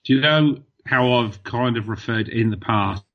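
A man's voice: medium pitch, moderate pace. A man co-hosting a casual radio chat about films, with dry, teasing banter. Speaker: radio co-host. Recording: slightly dull lo-fi sound.

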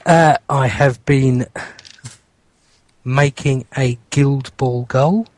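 A man's voice: medium pitch, fairly even intonation, extremely slow, darkish tone, no room sound. A man co-hosting a hobby podcast, chatting in a rambling, distracted way while he works on a model. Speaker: podcast co-host. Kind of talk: casual chat.

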